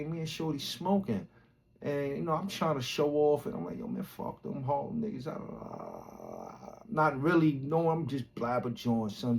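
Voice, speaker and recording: A man from Brooklyn, a podcast host telling a rambling, animated, slang-heavy story full of swearing. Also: mid-range voice. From Brooklyn, New York. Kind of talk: casual storytelling.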